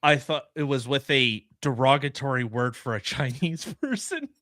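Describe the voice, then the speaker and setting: Lively bright-voiced man joking on a podcast. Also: mid-range voice, normal speed, no room sound, studio quality. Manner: crude joking, laughs often. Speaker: podcast co-host. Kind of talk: casual comedic banter.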